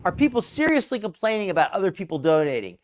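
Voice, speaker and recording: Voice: mid-range voice, big pitch swings, fast talker. A host commenting on a live-stream clip with mocking, sarcastic asides and rambling explanations. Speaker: host of a live reaction show.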